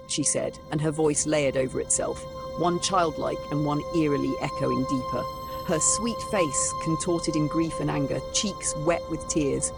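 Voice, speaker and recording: A woman's voice: low-pitched, unhurried, gravelly. A woman telling a ghost story in first person as scripted narration, over background music.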